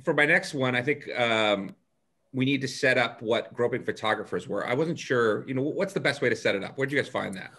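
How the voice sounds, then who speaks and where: A man's voice: medium pitch, fairly quick, bright, forceful tone, slightly rough. A man co-hosting a comedy podcast in casual chat, easygoing and hesitant. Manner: easygoing, hesitant with fillers, laughs often. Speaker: podcast co-host.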